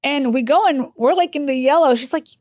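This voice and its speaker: Animated woman telling stories, dry sound. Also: brisk, no room sound. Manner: animated, acts out quoted voices with big pitch jumps. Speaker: hospice executive guest. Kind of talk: podcast interview storytelling.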